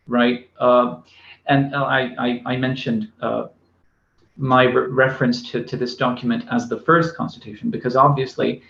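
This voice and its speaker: A man's voice: mid-range voice, gravelly, a bit bright. A man giving a recorded university lecture, speaking with many fillers and restarts. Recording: echoey room, dull lo-fi sound.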